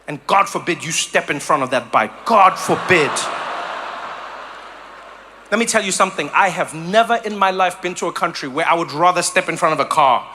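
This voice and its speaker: A man from Africa, doing a stand-up comedy set with animated storytelling that slips into mock voices. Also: on the high side, moderate pace, noisy background. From South Africa.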